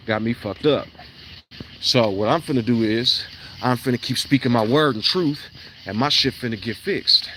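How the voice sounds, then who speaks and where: A man, talking in a rambling, blunt monologue that swings into loud, emphatic bursts. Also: medium pitch, slight background noise. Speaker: vlogger. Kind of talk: casual monologue on an evening walk. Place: outdoors at night.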